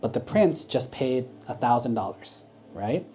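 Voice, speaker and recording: A monk gently telling a story to children at a temple, often checking in with them. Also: male voice, medium pitch, lively intonation, unhurried. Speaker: Buddhist monk. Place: temple hall.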